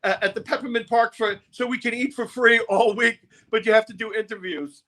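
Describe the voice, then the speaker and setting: A man's voice: very high voice, fairly even intonation, fairly quick, sharp tone, pitched above the performer's own voice. A man putting on a campy, bossy record promoter. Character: flamboyant male record promoter, pushy.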